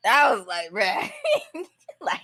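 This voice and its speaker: A woman's voice: mid-range voice, very animated, takes it slowly, sharp tone. A woman co-hosting a podcast in casual chat, slangy and laughing often. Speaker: podcast co-host.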